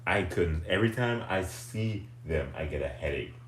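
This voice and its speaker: Deep-voiced goofy male livestream host. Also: moderate pace, roomy sound, slight background noise. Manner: goofy, animated, laughs often. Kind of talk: casual chat.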